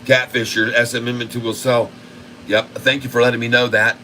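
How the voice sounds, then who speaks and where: A man hosting a stock market livestream, giving casual, excited commentary and talking to his viewers as folks. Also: medium pitch, fairly quick, a little hiss or hum, rough recording.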